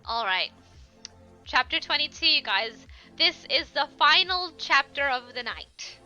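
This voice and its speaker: A woman streamer giving an animated, mock-dramatic reading of a story, breaking off for laughing asides to her chat. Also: sits high, a little slow, dull audio, soft background music. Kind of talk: comedic dramatic reading aloud.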